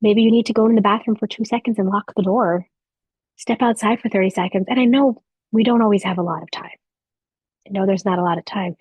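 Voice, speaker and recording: Husky-voiced woman giving a gentle talk. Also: mid-range voice, no room sound, muffled recording. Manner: soft, warm encouraging delivery with reflective pauses. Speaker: host speaking to a live audience of mothers. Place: room with a live audience.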